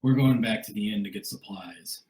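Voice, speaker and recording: A man voicing a friendly male adventurer who calmly explains the plan with hesitant fillers. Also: fairly low pitch, moderate pace, lightly acted. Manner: matter-of-fact, hesitant with fillers. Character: friendly male adventurer, calm party leader. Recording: roomy echo.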